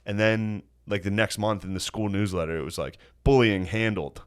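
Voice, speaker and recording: Male podcast co-host, lower voice, relaxed and profane. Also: moderate pace. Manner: laid-back, profane storytelling. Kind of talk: casual chat.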